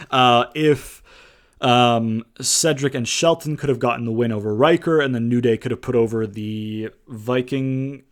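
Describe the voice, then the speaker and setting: A man giving a casual spoken review of a wrestling show, loose and rambling, with lots of fillers and casual swearing. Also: medium pitch. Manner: slips into quick impressions when retelling lines.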